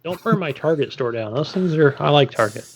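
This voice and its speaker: A man's voice: a little high, animated, fairly quick, slight background noise. A man co-hosting a casual gaming podcast, laid-back and easygoing. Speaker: podcast co-host. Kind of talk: casual chat.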